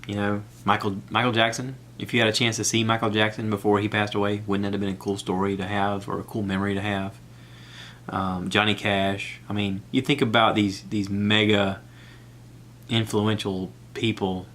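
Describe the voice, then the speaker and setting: A man's voice: on the low side, level tone, normal speed, a bit bright. A man hosting a solo podcast, talking in a chatty, rambling way and recommending things with enthusiasm. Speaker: podcast host. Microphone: iPad recording app.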